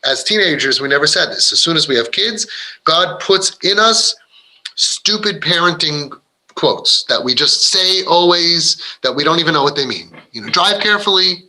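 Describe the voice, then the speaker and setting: A man's voice: fairly high pitch, lively intonation, moderate pace, bright, forceful tone, low-quality recording. A man giving an earnest, rambling inspirational talk to parents, often restarting his sentences and acting out what kids and parents say. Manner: acts out quoted voices of kids and parents. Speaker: parenting speaker.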